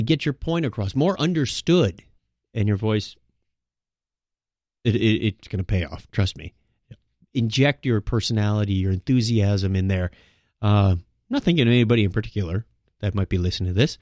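A man hosts a solo podcast in a mid-range, darkish voice with no room sound. He talks casually and rambles, restarting frequently and using many filler words.

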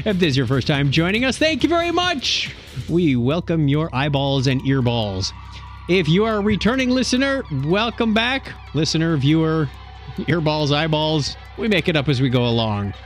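Jokey guy hosting a podcast, voice jumps all over, kinda high, faint music under it. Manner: jokey, animated, quick to laugh. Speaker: podcast host. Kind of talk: casual podcast chat. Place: podcast studio.

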